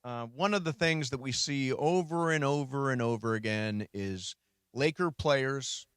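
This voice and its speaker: A man's voice: mid-range voice, unhurried, fairly bright tone, clean tone, dry recording, clean studio sound. A man hosting a sports radio show, talking casually and laughing often.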